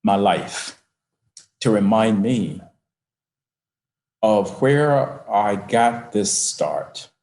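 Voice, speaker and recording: Deep-voiced older man telling a heartfelt story. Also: expressive, extremely slow, pauses often, darkish tone, echoey room. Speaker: guest speaker. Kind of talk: personal storytelling.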